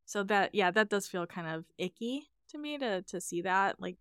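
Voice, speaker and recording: A woman's voice: mid-range voice, expressive, normal speed, a bit bright, smooth, dry recording, studio quality. A woman co-hosting a podcast, casually sharing reflective, opinionated commentary on a TV show. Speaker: podcast co-host. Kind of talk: casual discussion.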